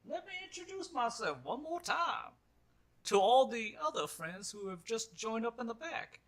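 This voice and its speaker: A man's voice: very high-pitched, big pitch swings, normal speed, fairly bright tone, voice pushed up, exaggerated voice. A man voicing an elderly, balding, gray-bearded male miner who speaks with formal, old-fashioned politeness. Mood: pompous.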